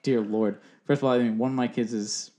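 A man's voice: mid-range voice, fairly even intonation, a little fast, mellow. Loose, rambling podcast co-host, a man in his thirties with a casual, profane way of talking. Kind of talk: casual chat.

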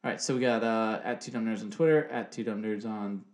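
A man's voice: on the low side, a little fast. A man in his forties co-hosting a podcast in loose, joking chat, swearing freely. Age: 40s. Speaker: podcast co-host. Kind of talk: casual chat.

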